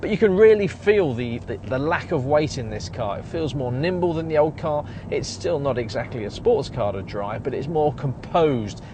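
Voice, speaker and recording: A man presenting a car review, chatty and enthusiastic with wry asides, recorded inside a car. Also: fairly high pitch. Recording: audible road and traffic noise behind.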